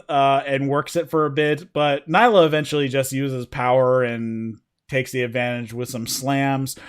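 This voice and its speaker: A man hosting a casual wrestling review podcast, rambling with lots of fillers and stumbling over names. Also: on the high side. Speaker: podcast host.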